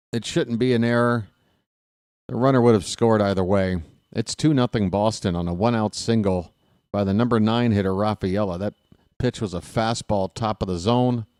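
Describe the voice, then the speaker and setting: Baltimore-accented man, fan-style solo play-by-play; low-pitched, dry close sound. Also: smooth, no room sound. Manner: excited fan rooting for his team. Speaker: play-by-play announcer. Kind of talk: solo baseball play-by-play commentary.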